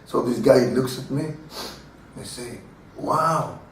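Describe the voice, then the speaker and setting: A man teaching a Torah class in a halting, earnest way, with many fillers and restarts. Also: medium pitch, mellow, a little hiss or hum. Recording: echoey room, voice from a distance.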